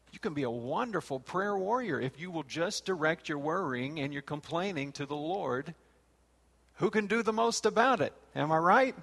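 A pastor preaches a sermon and reads scripture aloud, his voice rising and falling. It's fairly high, gravelly and husky, with a fairly bright tone. The recording has long hall reverb.

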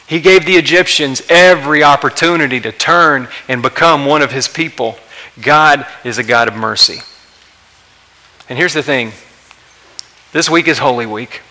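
Impassioned preacher man, bright voice. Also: fairly high pitch, normal speed, poor audio. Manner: impassioned, rising to emphatic peaks then dropping quiet. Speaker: pastor. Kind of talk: sermon.

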